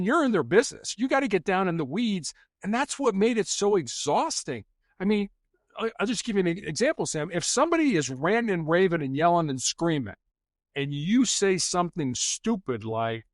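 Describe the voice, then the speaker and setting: A middle-aged man talks through stories as a podcast guest, slipping into other people's voices for quoted lines. His voice sits a bit high and moves around a lot in pitch. The sound is dry, with no room to it. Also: no room sound. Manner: animated, acts out quoted dialogue. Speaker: podcast guest, former police officer and hostage negotiator. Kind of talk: conversational storytelling.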